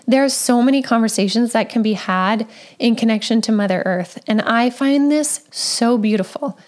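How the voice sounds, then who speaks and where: A woman with a high voice talks through parenting advice in a casual, gentle way. Her speech is loose and conversational, full of "like" and quick asides. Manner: gentle, conversational, with frequent "like" and "right?".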